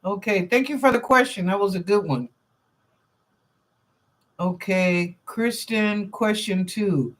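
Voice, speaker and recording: A woman's voice: mid-range voice, slow, long pauses. A woman hosting a live stream of psychic readings, answering chat questions in a chatty, informal way, thinking aloud and repeating phrases. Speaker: psychic reader and show host.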